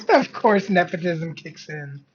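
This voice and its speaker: A streamer chiming in over a video with casual, joking remarks. The speech is slow and easygoing. The audio is a little dull and lo-fi. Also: medium pitch, crowd noise. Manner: joking, laughing interjections. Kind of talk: casual reaction commentary.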